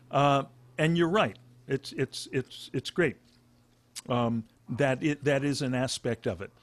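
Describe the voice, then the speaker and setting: A man teaching a meditation class who talks in halting phrases, restarting often and explaining with plain examples. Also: medium pitch. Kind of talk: dharma talk.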